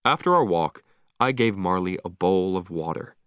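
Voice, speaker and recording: A man reading a story aloud slowly and clearly for English learners, with expressive delivery. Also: low-pitched, no echo, studio quality. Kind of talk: slow read-aloud story narration.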